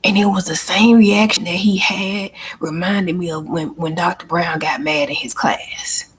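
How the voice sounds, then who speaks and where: A woman's voice: on the low side, steady tone, measured pace, breathy edge. A woman hosting her own channel, venting bluntly and emphatically in a casual monologue, often swearing and repeating herself. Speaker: channel host and life coach.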